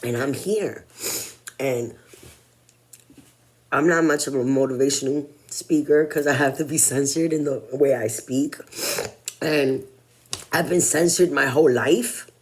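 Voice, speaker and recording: A woman's voice: a bass voice, a little slow, pauses often, slightly rough. A woman in her forties talking in a personal vlog monologue, blunt and candid, swearing freely. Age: 40s. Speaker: vlogger.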